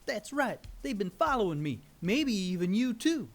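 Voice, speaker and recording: A man voicing a wild, manic male cult leader who preaches in a shouty sing-song. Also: high voice, very animated, moderate pace, pitched above the performer's own voice. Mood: manic preaching.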